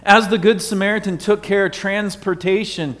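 A man preaching a sermon as pastor, telling stories and dropping his voice slowly for emphasis. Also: high voice, steady tone, a bit bright. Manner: storytelling with emphatic slow drops. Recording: echoey hall.

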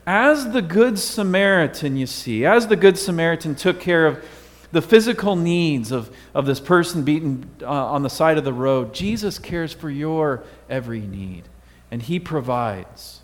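A man preaching a sermon as pastor, telling stories and dropping his voice slowly for emphasis. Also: fairly high pitch, lively intonation. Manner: storytelling with emphatic slow drops. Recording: echoey hall.

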